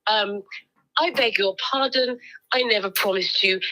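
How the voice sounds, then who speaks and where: A woman's voice: mid-range voice, unhurried, bright, forceful tone, poor audio. A woman co-hosting a casual livestream, reading out viewer comments in a playful, giggly way with lots of ums.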